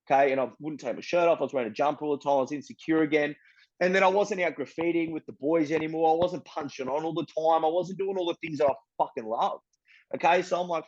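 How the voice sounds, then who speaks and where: An Australian man being interviewed tells his story bluntly and candidly in a voice that is a little high and fast. He swears often and fills in with "bro" and "you know what I mean", on a muffled recording.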